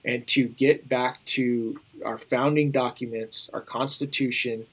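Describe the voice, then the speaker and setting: A man's voice: mid-range voice, steady tone, a little slow, low-quality recording. A man speaking as an interview guest in an urgent, emphatic way, often repeating phrases. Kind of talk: earnest interview conversation.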